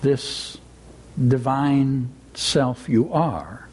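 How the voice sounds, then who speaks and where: A man giving a gentle, reflective spiritual talk in sermon style, weaving in a read-aloud story. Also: medium pitch, extremely slow, breathy edge. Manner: gentle, reflective, reading with voices. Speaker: spiritual teacher.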